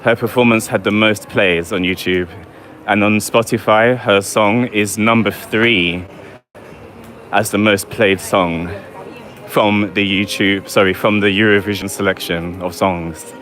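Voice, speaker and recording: This vlogger, a man from England with a London accent, has a lowish, fairly bright voice. He chats casually on a live walking-tour stream, reading viewer comments aloud as he walks along a city street outdoors.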